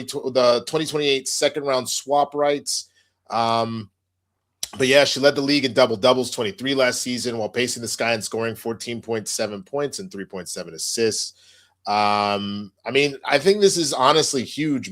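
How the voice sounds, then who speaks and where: A man's voice: mid-range voice, moderate pace, a bit bright. A man co-hosting a casual podcast, reading sports stories aloud and joking with his co-host. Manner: reads news aloud, joking banter.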